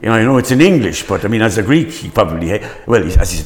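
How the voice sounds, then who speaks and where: A man's voice: lowish voice, lively intonation, racing, few pauses. An older man, a stage actor, reminiscing in an interview with rambling, stop-start storytelling.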